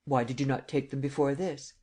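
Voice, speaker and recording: A man voicing a commanding imperial visitor who speaks calmly and evenly, in an audiobook reading. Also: medium pitch, brisk, close to an everyday voice. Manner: calm, even, stating rather than asking.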